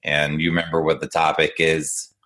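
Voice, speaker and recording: Deep-voiced man coaching in a podcast chat. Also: normal speed. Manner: encouraging, explanatory, animated storyteller. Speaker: executive function coach. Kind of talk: casual podcast conversation.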